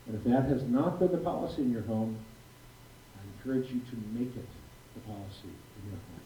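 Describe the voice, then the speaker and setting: In a school hall, a man in his sixties who works as a physician delivers a prepared talk to a live audience, stressing his points and repeating key phrases. His medium-pitched, dark voice has lively intonation and moves fairly quickly, recorded roomily from afar with faint noise.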